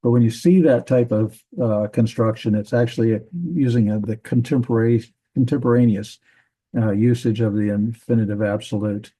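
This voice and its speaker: A man teaching a grammar lesson from a Bible language textbook, methodical, repeating words and pausing with fillers. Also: lowish voice, steady tone, mellow, slightly rough, rough recording.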